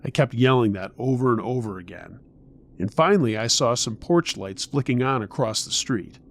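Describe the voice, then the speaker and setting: A man's voice: medium pitch, expressive, moderate pace, gravelly. Man narrating a tense horror story.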